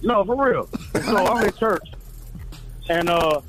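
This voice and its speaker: A man's voice: high-pitched, slow, over music. A man calling in to a radio show, telling a story in a laid-back way, chuckling and saying "man" a lot. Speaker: caller. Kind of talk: phoned-in storytelling.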